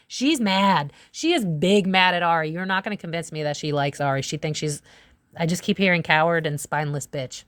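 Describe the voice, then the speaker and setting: A lower-voiced woman reads tarot cards straight to her viewers. She is blunt and swears freely, jumping into loud exclamations. Her voice sounds dry and close, with no room around it. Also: no room sound. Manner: blunt and profane, quick swings into loud exclamations. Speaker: psychic tarot reader. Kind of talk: casual tarot reading to camera.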